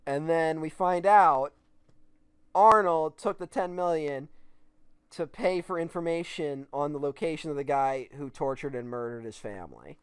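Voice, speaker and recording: A man co-hosting a casual film podcast, animated and laughing often, his speech full of "like" fillers. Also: fairly high pitch, normal speed, clean tone, no room sound. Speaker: podcast co-host.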